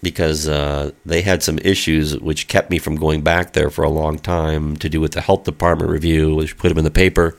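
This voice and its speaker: A man's voice: rumbling low, flat delivery, moderate pace, creaky, few pauses. A middle-aged man telling a long, rambling story in casual chat, with lots of fillers and spoken sound effects.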